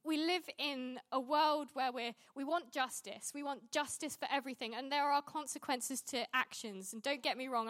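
A woman's voice: sits high, a bit bright. A woman preaching a sermon in a conversational way, often restarting sentences and laughing at herself.

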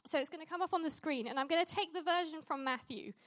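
A woman's voice: sits high, quick pace, fairly bright tone. A woman preaching a sermon in a conversational way, often restarting sentences and laughing at herself.

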